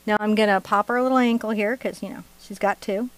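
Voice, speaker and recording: This woman speaks briskly at a medium pitch with a fairly level delivery. She's a middle-aged art teacher streaming a painting lesson live, keeping things chatty and fun with jokes and laughter between each step.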